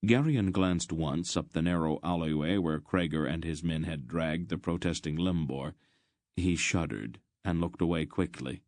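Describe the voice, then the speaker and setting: A man narrating an audiobook in a measured storytelling manner. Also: deep voice, darkish tone, no echo, clean studio sound.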